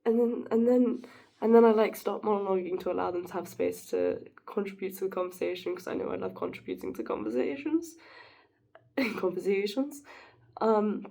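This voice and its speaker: A woman's voice: medium pitch, sing-song, brisk, gravelly, mellow. A woman talking to camera in a rambling, giggly monologue, musing philosophically and drifting off her point. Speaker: vlogger.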